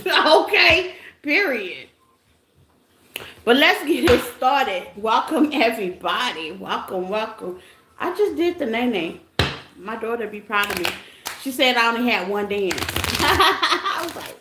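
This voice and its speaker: A woman giving a casual live tarot reading, playful and teasing, laughing often and chatting with her listeners. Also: fairly high pitch. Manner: chatty, calls listeners y'all and baby. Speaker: tarot reader. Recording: echoey room with background noise.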